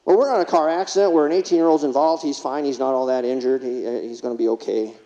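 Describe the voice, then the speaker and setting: A man's voice: medium pitch, steady tone, quick pace, dark tone. Storytelling keynote man in a big hall. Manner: humorous, acts out quotes from patients. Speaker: keynote speaker. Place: conference hall. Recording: lo-fi recording, long hall reverb.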